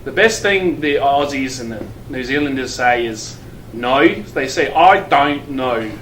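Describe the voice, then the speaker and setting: Man, thirties, teacher, casual chat, halting restarts, echoey room. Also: mid-range voice, animated, a bit bright. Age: 30s. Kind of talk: interview about his career. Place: school building. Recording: roomy and distant with faint noise.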